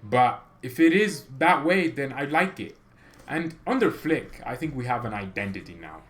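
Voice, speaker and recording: Excitable opinionated man in a fan vlog. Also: normal speed. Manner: rambling, opinionated and excitable, with sudden jumps in pitch and loudness. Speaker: football fan channel host. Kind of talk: casual fan reaction vlog.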